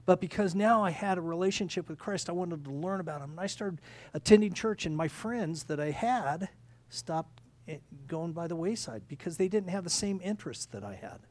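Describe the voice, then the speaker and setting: A man preaching a sermon in a conversational way, halting with restarts and repeating key phrases. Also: high-pitched, lively intonation, darkish tone. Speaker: pastor.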